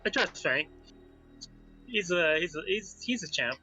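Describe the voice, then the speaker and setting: Bright, halting young-sounding player man. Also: high-pitched, expressive, soft background music, poor audio. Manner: halting, restarts often. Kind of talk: casual tabletop game play.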